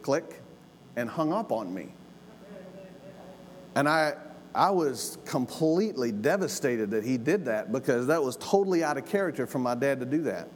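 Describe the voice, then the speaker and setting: A man's voice: medium pitch, lively intonation, moderate pace. Middle-aged man, sermon storyteller, folksy and earnest, repeats for emphasis; long hall reverb, faint room hiss.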